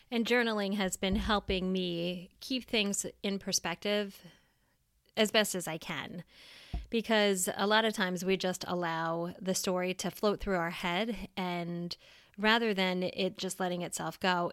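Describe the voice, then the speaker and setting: A woman's voice: fairly low pitch, a bit bright, clean tone, no echo, clean studio sound. A middle-aged woman hosting a solo podcast, talking candidly and reflectively in a casual, plainspoken way. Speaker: podcast host.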